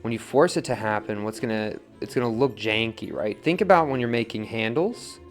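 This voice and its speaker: A young man casually teaching wheel throwing, coaching in a relaxed way and often checking in with "right?". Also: on the low side, a little fast, soft background music. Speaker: pottery teacher.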